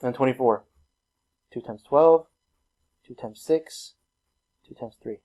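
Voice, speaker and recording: Slow and mellow, a man's mid-range voice carries a recorded math lesson. He talks through the steps in an easygoing, self-mocking way, often laughing at himself.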